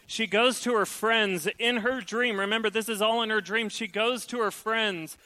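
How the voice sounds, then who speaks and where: A middle-aged man preaching a sermon, lively and acting out the voices he quotes. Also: sits high, normal speed, hardly any pauses, poor audio. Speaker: pastor.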